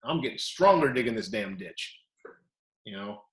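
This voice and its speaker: Animated male coach in an echoey room. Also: fairly low pitch, normal speed. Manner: animated, acts out quotes loudly. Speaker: wrestling coach, podcast co-host. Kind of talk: casual storytelling chat.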